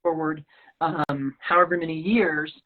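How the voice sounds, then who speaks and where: Low-voiced woman storyteller on a phone-like line. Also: measured pace. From Rocky Mountain region of the US. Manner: animated storyteller, acts out quoted dialogue. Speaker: podcast guest. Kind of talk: telling a personal story in conversation.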